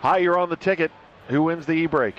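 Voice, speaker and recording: A man hosting a radio sports call-in show, taking caller votes with quick, wry remarks and easy laughs. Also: fairly high pitch, a bit bright. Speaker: radio sports talk host. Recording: dull lo-fi radio broadcast.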